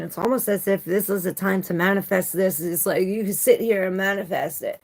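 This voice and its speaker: A woman's voice: medium pitch, fairly quick, creaky, hardly any pauses, darkish tone. A woman doing a casual live tarot reading who talks loosely, swears freely and greets viewers by name. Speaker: tarot reader.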